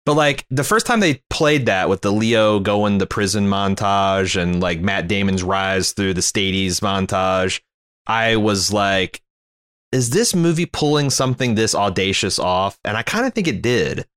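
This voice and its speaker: A man's voice: lively intonation, a little slow, fairly bright tone, clear, resonant tone, no room sound, clean studio sound. A man co-hosting a casual film podcast, talking in a loose, rambling way with profanity and many restarts. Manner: rambling, profane, jumps to high-pitched impressions. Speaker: podcast co-host.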